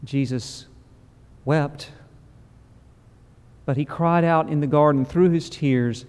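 A man preaching a funeral sermon in a church, solemn and measured, with slow pauses. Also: a little high, darkish tone, clean tone. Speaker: pastor. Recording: long reverb of a large hall.

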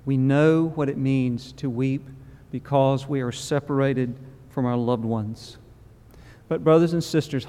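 A man's voice: medium pitch, dark tone. Solemn male preacher in echoing hall. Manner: solemn, measured preaching with slow pauses. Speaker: pastor. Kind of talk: funeral sermon. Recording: long reverb of a large hall.

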